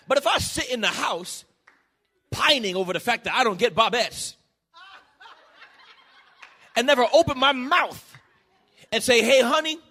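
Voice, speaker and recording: A male pastor preaching a sermon in a church, building to shouted peaks and dropping to quiet, low passages. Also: husky. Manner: shouting, rising to emphatic peaks.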